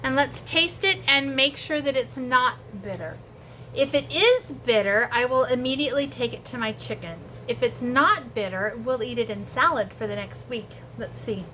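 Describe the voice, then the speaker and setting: A woman's voice: on the high side, expressive, normal speed, bright, forceful tone, a little hiss or hum. A middle-aged woman chatting casually to viewers in a homey vlog from her kitchen and garden. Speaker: homesteading vlogger.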